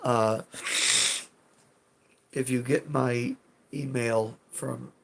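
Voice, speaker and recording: A man's voice: medium pitch, steady tone, very slow, gravelly. A man casually chatting with his live chat as a streamer, rambling, self-deprecating and swearing now and then.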